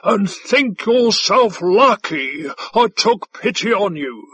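A man's voice: sits high, very animated, slow, fairly bright tone, slightly rough, dry recording, voice pushed up, exaggerated voice. A man voicing a boastful, blustering male alien officer who roars his bets theatrically. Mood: gloating. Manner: roaring, theatrical.

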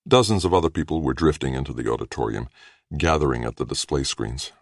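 A man narrating a story in a steady, measured reading. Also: extremely low pitch, no echo, clean studio sound. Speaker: audiobook narrator. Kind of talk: scripted narration.

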